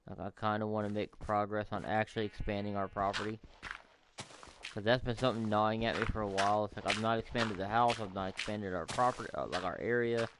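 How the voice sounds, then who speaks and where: A man's voice: fairly low pitch, fairly even intonation, quick pace, background noise. A man giving casual, rambling let's-play commentary as a gaming YouTuber, amused by his own asides.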